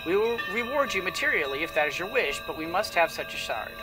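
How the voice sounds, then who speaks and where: A man voicing a serene, menacing nun who speaks calmly and portentously. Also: sits high, fast. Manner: calm, portentous delivery. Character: serene, menacing woman nun, devout and calm. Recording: distant mic with music behind.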